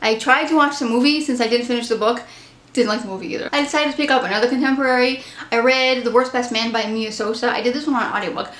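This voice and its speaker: A woman's voice: a little high, quick pace, fairly bright tone. Chatty woman reviewing books, echoey room. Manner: chatty, candid, opinionated. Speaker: book vlogger. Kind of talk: casual book review chat.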